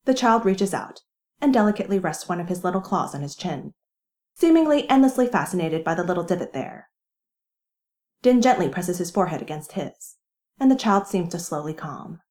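Lively woman narrating a fan story. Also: lowish voice, moderate pace. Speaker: reader.

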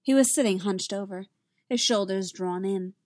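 A woman reading a story aloud in an even, unhurried narration. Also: medium pitch, dry recording, clean studio sound. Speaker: reader. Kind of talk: reading fan fiction aloud.

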